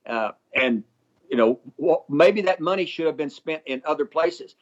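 Older male guest from Texas, high-pitched, folksy and deliberate, muffled lo-fi line. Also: expressive. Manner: deliberate, folksy, emphatic, with dry humor. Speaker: guest, former congressman. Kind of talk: phone-in interview. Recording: dull lo-fi line.

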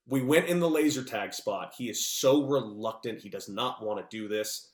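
A man, a former ball player, telling stories casually on a podcast over a remote call and acting out the dialogue with lively energy. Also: medium pitch, normal speed, few pauses, roomy sound. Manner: animated, jokey, acts out dialogue. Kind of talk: casual storytelling.

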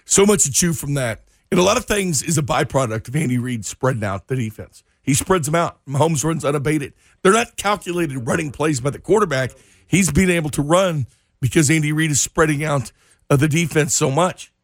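A male co-host breaking down the game on a sports talk show. His voice is slightly high with a gravelly edge. He tells it with emphatic, animated energy. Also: a little fast, dry recording, studio quality. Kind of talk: sports talk radio analysis.

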